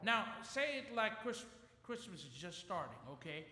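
A man preaches a fervent revival sermon, his voice pitched very high and cutting. He rallies the congregation to answer him back. The sound carries a long church reverb. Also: big pitch swings, moderate pace, pushed and bright, slight background noise. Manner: fervent, call-and-response with congregation. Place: church sanctuary.

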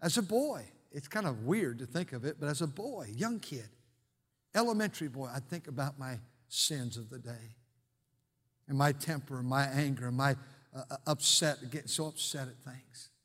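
An older man, a pastor preaching a sermon in his church, swinging between shouted preaching and quiet, hushed storytelling. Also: mid-range voice, lively intonation, normal speed. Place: church sanctuary. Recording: long reverb of a church hall.

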